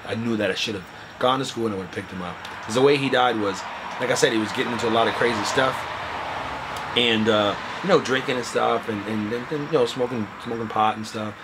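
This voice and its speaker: A man earnestly recounting a personal story in a halting way, his voice often trailing off quietly. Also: mid-range voice, noisy background. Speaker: interviewee telling a personal story. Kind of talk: candid personal account.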